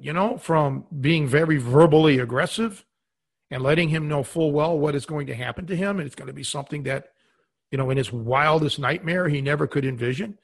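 A man's voice: on the high side, gravelly, breathy edge. A man co-hosting a podcast, talking casually with many fillers and giving earnest advice. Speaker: podcast co-host.

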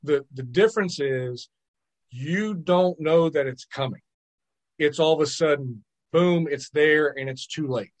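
A man, a podcast guest, telling stories in lively casual chat, often repeating words and checking in with "right?". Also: on the high side, a little slow. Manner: animated storyteller, repeats words and asks "right?". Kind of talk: casual storytelling.

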